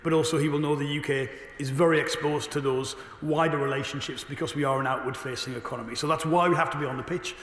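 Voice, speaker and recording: A man, a government minister, answering questions in a parliamentary debate with a brisk, assured delivery and a slightly hoarse voice. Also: fairly high pitch, steady tone, fairly bright tone. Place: debating chamber. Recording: echoey chamber with long reverb.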